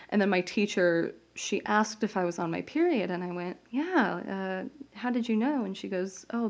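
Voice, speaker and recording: A young woman hosting her own podcast, telling a personal story in a casual, chatty way with frequent laughs and fillers. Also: fairly low pitch. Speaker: podcast host.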